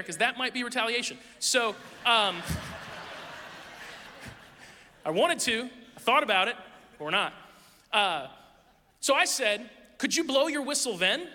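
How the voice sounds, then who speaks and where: High, bright-voiced man preaching in a hall. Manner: candid, self-deprecating, lively anecdotes. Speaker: pastor. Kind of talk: conversational sermon storytelling. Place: church sanctuary. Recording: long reverb of a large hall.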